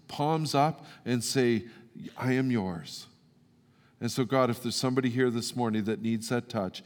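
A man pastor preaching and then leading an earnest, halting prayer to his congregation. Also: medium pitch. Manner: earnest, pleading prayer with repeated halting words. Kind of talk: sermon and closing prayer. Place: church sanctuary. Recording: long reverb of a church hall.

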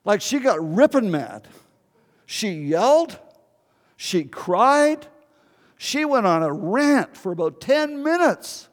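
Older male pastor, high voice, earnest storytelling sermon, long hall reverb. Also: very animated, takes it slowly. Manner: storytelling, earnest, pleading with the congregation.

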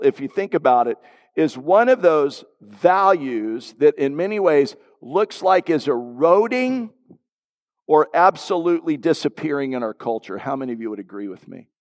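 A man's voice: fairly high pitch, a little mellow. A middle-aged man, a pastor, preaching a sermon and telling a personal story with asides to the congregation. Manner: storytelling, conversational with audience asides. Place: church sanctuary. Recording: long hall reverb.

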